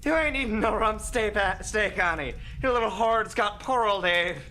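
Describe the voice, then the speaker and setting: A man's voice: sits high, moderate pace, bright, forceful tone, soft background music, pitched above the performer's own voice. A man voicing a cheery Scottish woman cook at a monster school, doting and coaxing with comic menace. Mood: teasing.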